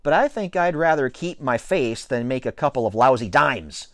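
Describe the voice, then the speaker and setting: A man's voice: medium pitch, expressive, moderate pace, dry recording, clean studio sound, lightly acted. A man voicing a sheepish, apologetic schoolboy in a storybook reading.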